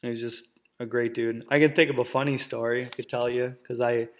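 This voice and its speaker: Brief: male podcast host from Wisconsin, loose chatty storyteller, mid-pitched, lots of ums and laughs, swears freely. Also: little pitch movement, brisk. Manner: rambling, full of fillers, laughs and swearing. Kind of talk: casual storytelling.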